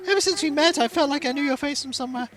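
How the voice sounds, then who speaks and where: A streamer reading an excitable animal villager's lines in a raised, bright, peppy voice. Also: sits high, very fast, voice pushed up, low-quality recording.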